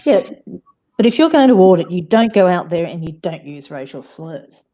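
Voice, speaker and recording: Woman, Australian accent, mellow low voice, insistent, repeats herself, live-stream guest. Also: big pitch swings, normal speed, faint music behind. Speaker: panel guest. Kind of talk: heated casual argument.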